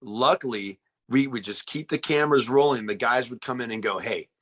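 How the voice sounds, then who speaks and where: A man's voice: mid-range voice, brisk, a bit bright. Earnest man reflecting in an interview. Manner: earnest, reflective, with frequent restarts. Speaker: actor in the film. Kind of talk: casual interview talk.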